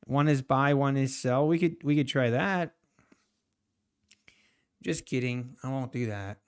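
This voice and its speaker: Casual male trading streamer, mid pitch, rambly, laughs easily while reading chat. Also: unhurried, clear, resonant tone. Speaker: live-streaming day trader.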